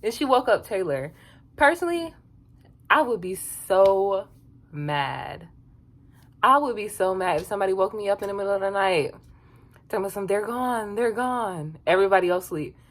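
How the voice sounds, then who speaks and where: A woman giving a casual, sassy recap of a reality show, chatty and quick to laugh. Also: mid-range voice, lively intonation. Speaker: reality TV reviewer.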